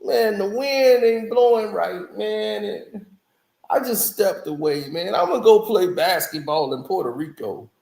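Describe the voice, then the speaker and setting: A man with a high voice, talking slowly in casual, opinionated commentary. He laughs often and throws in mocking asides. His voice rings in a roomy, echoey space. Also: lively intonation, gravelly, a little mellow. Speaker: music reviewer vlogger.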